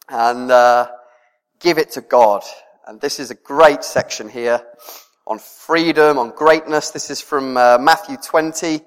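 A man's voice: a little high, slow pace, a bit bright. A man preaching a sermon in a conversational way, often chuckling and tossing in questions like "isn't it?". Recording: long reverb of a hall.

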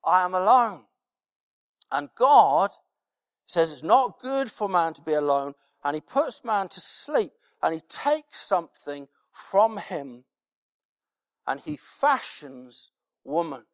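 Slow, high-voiced male preacher in a hall. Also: big pitch swings. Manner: emphatic and repetitive, with rhetorical questions. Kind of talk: sermon. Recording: long hall reverb.

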